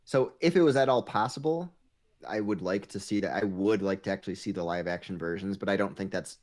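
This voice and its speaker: A man's voice: sits low, a little fast, darkish tone, dry recording. A man hosting a podcast in casual chat, a bit hesitant, steering the discussion to the next question.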